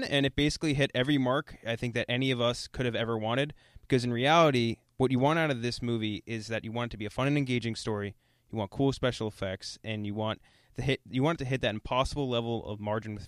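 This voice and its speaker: Fast-talking brash young man. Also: medium pitch, dry recording, clean studio sound. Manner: brash, profane, argumentative. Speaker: podcast co-host. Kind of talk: casual podcast chat.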